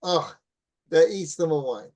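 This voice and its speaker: A middle-aged rabbi giving a Torah class. He tells a story in a relaxed, anecdotal way and keeps checking in with listeners by asking "right?" and "you follow?". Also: on the high side, measured pace. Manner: relaxed anecdotal teaching with restarts.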